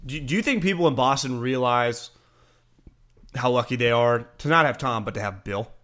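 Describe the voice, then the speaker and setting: A man talking casually about football, animated, swearing now and then and acting out quotes. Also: medium pitch, normal speed. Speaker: sports talk show host. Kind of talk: casual sports chat.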